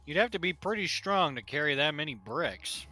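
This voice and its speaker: A man's voice: a little high, very animated, moderate pace, sharp tone, soft background music. A man playing a tabletop game, reasoning in a matter-of-fact way. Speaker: player.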